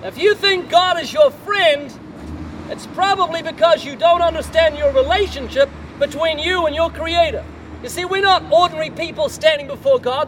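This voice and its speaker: A man's voice: extremely high pitch, fairly bright tone, a little hiss or hum. An older man preaching a sermon, telling a story and putting rhetorical questions to the listener.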